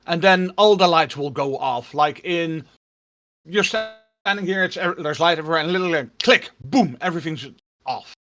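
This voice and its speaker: A man running a tabletop game on a live stream, his voice sitting a touch high. He narrates loosely and casually, with lots of small fillers and restarts. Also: moderate pace. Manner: relaxed storytelling with many fillers. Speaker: game master.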